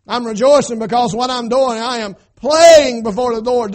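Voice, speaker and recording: High-voiced preacher swinging loud to hushed. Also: male voice, normal speed, few pauses. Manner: paraphrases scripture in folksy everyday speech. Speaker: pastor. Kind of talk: sermon.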